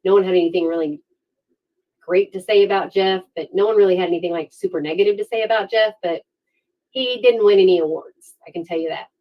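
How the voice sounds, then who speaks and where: A woman hosting a true-crime livestream, telling the case in a casual, sarcastic and animated way. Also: fairly low pitch, quick pace, dull audio.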